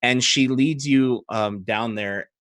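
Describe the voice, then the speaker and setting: A man narrating as game master, relaxed and conversational. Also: medium pitch, slow, no room sound, studio quality.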